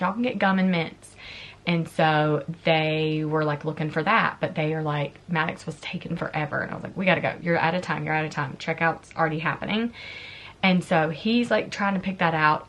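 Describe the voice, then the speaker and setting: A woman's voice: low-pitched, a bit bright. A woman, telling a personal story in a casual makeup vlog, getting emotional and tearful as she talks. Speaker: beauty vlogger. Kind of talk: casual chat.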